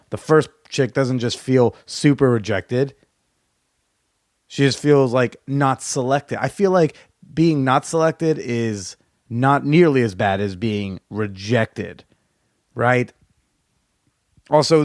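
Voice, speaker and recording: A man's voice: mid-range voice, dry recording, clean studio sound. Frank, profane male podcast host. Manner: frank and profane, rambling with restarts. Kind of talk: candid solo storytelling.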